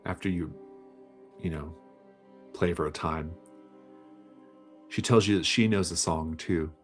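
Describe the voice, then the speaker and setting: A man serves as game master for a tabletop game. He narrates in a measured, descriptive way. His voice is very deep and his pace is slow. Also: soft background music.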